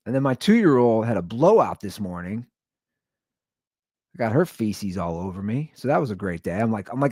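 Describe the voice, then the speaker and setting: A tired man with a low voice hosts his own show in a loose, blunt monologue, stumbling over restarts as he rambles. His pitch swings widely up and down as he talks. The sound is close and dry, with no room around it. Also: big pitch swings, moderate pace, a little mellow, no echo. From Cincinnati area. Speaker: podcast host. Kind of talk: casual solo monologue.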